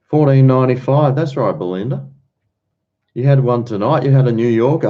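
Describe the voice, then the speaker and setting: A man's voice: mid-range voice, expressive, fairly quick, warm tone, highs cut off. A man hosting a casual livestream, chatting and rambling while he answers viewers' comments. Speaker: livestream host.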